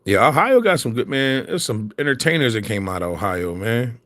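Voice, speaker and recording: A man's voice: mid-range voice, big pitch swings, fairly quick, fairly bright tone, no room sound. Philly guy, easy slangy storyteller, dry close sound, mid voice. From Philadelphia. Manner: storytelling, laughs often, slangy. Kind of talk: casual chat.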